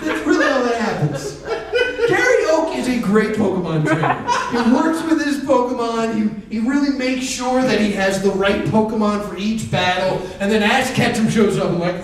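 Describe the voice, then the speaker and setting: Animated stand-up comic in an echoey hall. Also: male voice, high voice. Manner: acts out both sides of stories with quick voice shifts. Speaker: stand-up comedian. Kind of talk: stand-up comedy set. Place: convention stage with live audience. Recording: echoey room, far mic, crowd.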